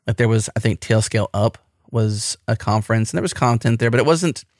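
A man's voice: fairly low pitch, fairly quick, no room sound, clean studio sound. A man with an American accent hosting a podcast, talking in an enthusiastic, rambling way. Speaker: podcast host. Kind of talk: casual podcast chat.

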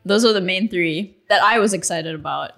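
A woman on a tech podcast panel who answers quickly with a wry edge. The talk is casual. Faint music plays behind her. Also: fairly low pitch, gravelly, fairly bright tone.

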